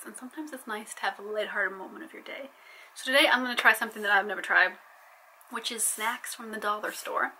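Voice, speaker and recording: A woman's voice: medium pitch, a little fast, sharp tone, a little hiss or hum, low-quality recording. A young adult woman chatting playfully in a casual vlog, joking as she tries snacks. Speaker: vlogger.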